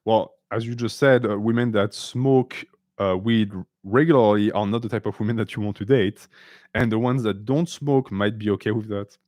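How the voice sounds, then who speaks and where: A male stream host answers his viewers in a casual Q&A, bluntly and sarcastically, moving between English and French. His lowish, slightly mellow voice keeps a fairly even intonation at a moderate pace, recorded clean with no echo.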